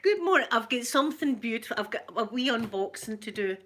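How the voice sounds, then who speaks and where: A middle-aged Scottish woman hosting a casual livestream chat, excitedly gushing and greeting viewers by name. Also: a little high, brisk, a little hiss or hum. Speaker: ASMR livestream host.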